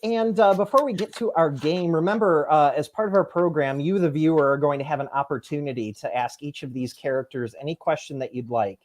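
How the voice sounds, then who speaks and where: A man's voice: on the high side, a little fast, hardly any pauses. A man hosting an improv game show in an upbeat, announcer-like way.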